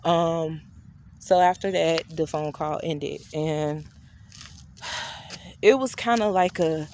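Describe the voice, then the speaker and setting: A woman's voice: takes it slowly, darkish tone, slight background noise. A woman vlogger telling a personal story in a casual, chatty way, talking straight to her viewers and acting out the dialogue. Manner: chatty, addresses viewers directly; acts out quoted dialogue with shifting pitch.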